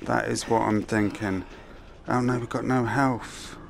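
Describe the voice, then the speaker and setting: A man's voice: on the low side, fairly even intonation, measured pace, vocal fry, noisy background. A man thinking aloud to himself as he plays through a video game, giving let's-play commentary into a headset mic. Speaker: gamer.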